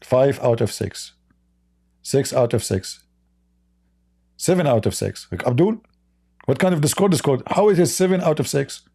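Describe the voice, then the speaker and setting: A man's voice: mid-range voice, lively intonation, normal speed, vocal fry, pauses often, warm tone, slightly rough. An aged man from the East, hosting a livestream in a sarcastic, mocking way. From Middle East. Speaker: livestream debate host. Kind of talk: casual livestream commentary.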